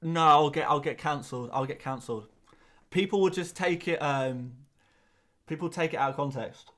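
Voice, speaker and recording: With a slightly high, somewhat bright voice, this fantasy football livestream host chats his way through viewer comments. He rambles and talks a lot, tossing in quick asides and laughter.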